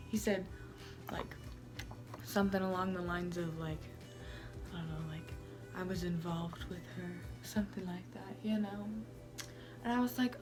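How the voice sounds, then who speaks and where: A woman's voice: lowish voice, lightly acted. A woman playing a gossipy, self-centered young Salem woman who talks to the camera in a chatty vlog style, full of "like" and "oh my gosh". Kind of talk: amateur vlog-style role-play.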